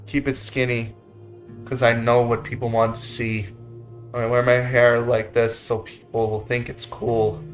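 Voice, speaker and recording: A man voicing a drunk, distraught young male bird-man who pleads with a cracking voice that keeps rising high. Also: little pitch movement, a little slow, faint music behind, lightly acted. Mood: anguished.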